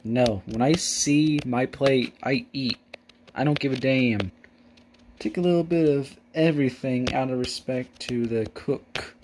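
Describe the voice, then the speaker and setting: A man's voice: mid-range voice, unhurried, darkish tone, a little hiss or hum. A young man reading out etiquette rules and mocking them with profane, rambling commentary. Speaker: video host.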